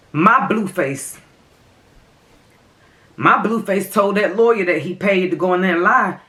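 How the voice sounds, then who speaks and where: A woman's voice: lowish voice, fairly bright tone. A young adult woman vlogging during a mukbang, talking straight to her viewers in a heated, impassioned way. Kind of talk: emotional mukbang commentary.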